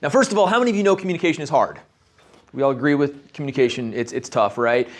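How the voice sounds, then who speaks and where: A man giving a short leadership talk to a live networking group, chatty and asking the audience questions. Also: fairly high pitch. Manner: conversational, asks the audience questions. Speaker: leadership speaker. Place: meeting room with a live audience.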